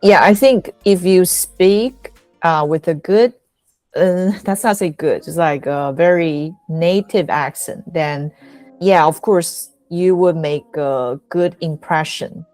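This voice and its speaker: Slow, low-voiced woman, hesitant. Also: a little mellow, no echo, soft background music. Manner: hesitant, searches for words. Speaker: English teacher, guest. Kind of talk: casual chat.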